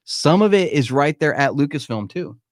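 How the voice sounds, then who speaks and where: His voice is a little high with lively intonation, moving at a moderate pace as he hosts a live-stream Q&A from a room at home. The podcast host speaks candidly and emphatically, often calling listeners "man." The audio is clean studio sound with no room tone.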